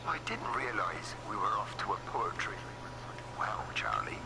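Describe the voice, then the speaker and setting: A man's voice: on the low side, wildly swooping pitch, a little slow, creaky, exaggerated voice. An actor playing a chatty village man on a phone call in a video game. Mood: banter. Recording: noisy game audio.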